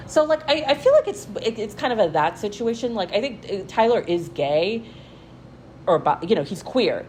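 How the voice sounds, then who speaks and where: A woman's voice: medium pitch, expressive, moderate pace, darkish tone, slight background noise, low-quality recording. A young woman giving casual, profane gossip commentary, full of fillers and restarts. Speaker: commentary vlogger.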